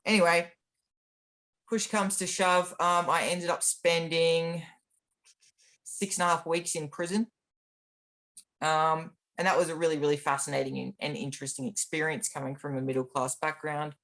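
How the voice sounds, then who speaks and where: A man's voice: a little high, level tone, normal speed, fairly bright tone. A man, a guest in an interview recounting his own experiences in a candid, matter-of-fact way with frequent ums and restarts. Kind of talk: personal storytelling in an interview.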